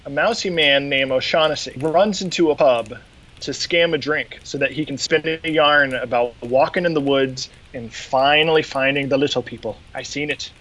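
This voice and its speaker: A man's voice: medium pitch, normal speed, low-quality recording. A man hosting a podcast, retelling an episode in casual chat and acting out quotes along the way. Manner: animated retelling with acted quotes. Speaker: podcast host.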